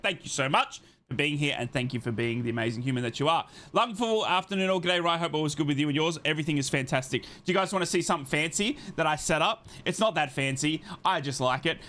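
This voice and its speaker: A man's voice: a little high, bright, forceful tone. A man hosting a live football watchalong, reading out the lineups and greeting chat viewers by name in an upbeat, chatty way. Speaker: host of a football watchalong stream.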